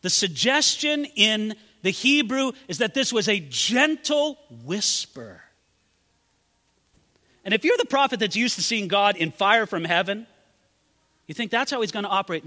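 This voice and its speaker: A high, bright male preacher delivers a sermon in a big hall with a long reverb tail. His voice climbs to ringing exclamations, then drops to hushed, intimate lines. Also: expressive, measured pace. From California. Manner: dramatic, swings from loud exclamations to hushed near-whispers. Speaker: pastor.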